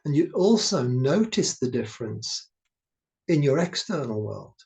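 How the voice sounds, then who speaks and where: Male meditation teacher: warm, mellow tone, unhurried and soothing. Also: medium pitch, very animated, creaky. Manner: slow, gentle, soothing delivery. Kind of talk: guided meditation talk.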